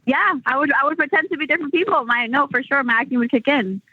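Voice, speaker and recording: A woman's voice: sits high, quick pace, no echo. Rambling woman on a tinny line. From United States. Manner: rambling, many "like" fillers and restarts. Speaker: entrepreneur guest. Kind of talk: casual interview chat. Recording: tinny phone-line sound.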